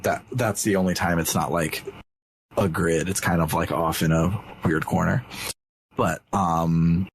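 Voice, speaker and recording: Low-voiced man, halting excited podcast chat. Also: breathy edge, dry recording. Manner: halting, frequent uh restarts, excitable when recounting scenes. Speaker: podcast co-host. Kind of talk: casual podcast chat retelling a video game.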